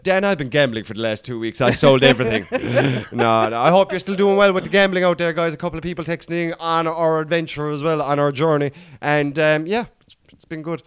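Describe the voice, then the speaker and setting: A man's voice: fairly high pitch, fairly quick, few pauses, clear, resonant tone, no room sound. A man in his thirties with an Irish accent, co-hosting a podcast in rambling, swearing casual banter. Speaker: podcast co-host.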